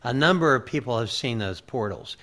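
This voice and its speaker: A man hosting an interview, speaking in a measured way and pausing to search for the right word. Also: medium pitch, animated, fairly bright tone. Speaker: interview host. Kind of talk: conversational interview.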